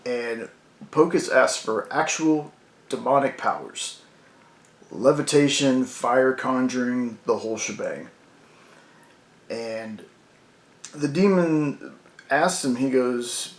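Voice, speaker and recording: Man, casual comic review, mid-pitched voice, lots of fillers, roomy echo. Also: unhurried. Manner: casual, rambling with many fillers.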